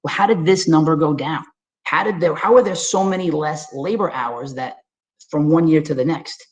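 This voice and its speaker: A man from Staten Island with a New York accent, presenting slides in a webinar in an energetic, folksy, conversational way and speaking straight to his audience. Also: fairly high pitch, normal speed, rough recording.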